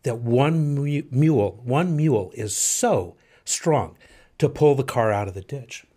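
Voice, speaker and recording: A man's voice: mid-range voice, expressive, a little slow, warm tone. A man voicing a stranded, bewildered travelling salesman in a story he tells on a podcast. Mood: puzzled. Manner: polite and bewildered. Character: puzzled male travelling salesman.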